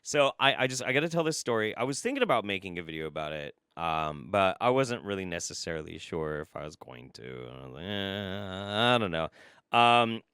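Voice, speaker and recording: A young man casually telling a story to the camera, profane and animated, with many fillers and restarts. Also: low-pitched, fairly quick, hardly any pauses, clear, resonant tone, no echo, clean studio sound. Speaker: vlogger.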